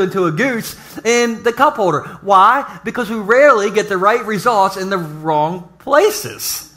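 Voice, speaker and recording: A pastor preaching a humorous sermon to a live congregation, telling jokey stories and throwing asides to the audience. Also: male voice, high-pitched, lively intonation, a little slow, few pauses, pushed and bright. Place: church service before a live congregation.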